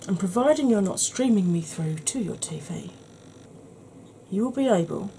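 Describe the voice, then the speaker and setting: A woman with a slightly husky voice, giving a soft-spoken ASMR makeup tutorial in a chatty, explanatory way. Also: medium pitch, animated, normal speed, slight background noise.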